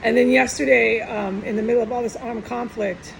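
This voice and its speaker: A woman's voice: on the high side, fairly even intonation, fairly quick, vocal fry, noisy background. A middle-aged woman talking tearfully and in a rambling, upset way in a personal monologue, often trailing off and starting over.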